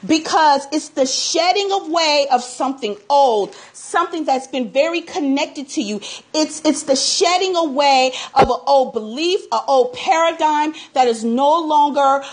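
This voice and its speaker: A woman relationship coach giving advice in a live talk, emphatic and repetitive with a preacher-like cadence. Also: sits high.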